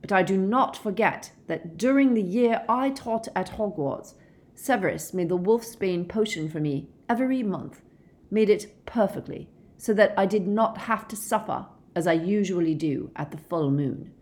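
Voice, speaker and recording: A woman reading a calm, weary middle-aged werewolf man, measured and gentle in an audiobook. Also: medium pitch, pitched above the performer's own voice, lightly acted.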